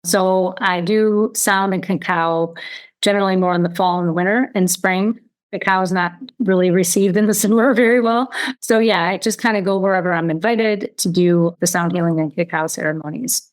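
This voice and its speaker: Woman healer guest, relaxed. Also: on the low side, moderate pace. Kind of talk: casual interview chat.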